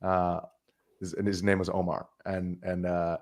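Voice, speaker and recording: A man's voice: low-pitched, little pitch movement, a little slow, darkish tone. A man in his thirties, a guest journalist, telling stories in a casual podcast conversation and mimicking other people's voices as he goes. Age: 30s.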